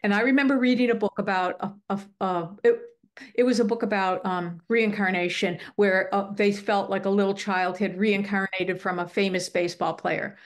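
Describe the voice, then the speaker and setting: A woman's voice: mid-range voice, steady tone, moderate pace. A middle-aged woman speaking in casual conversation, telling a heartfelt story earnestly and animatedly, often restarting her sentences. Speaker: guest speaker on the afterlife. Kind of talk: casual chat.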